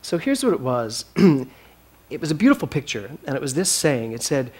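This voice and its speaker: A man's voice: on the high side, very animated, a little fast, a little mellow. A man minister giving a sermon, chatty and personal, building to emphatic peaks.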